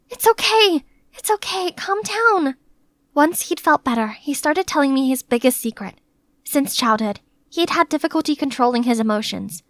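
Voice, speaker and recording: High, bright, chatty young woman narrator. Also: dry recording. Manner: chatty, animated, playfully dramatic. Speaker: narrator and maid character. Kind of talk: scripted first-person story narration.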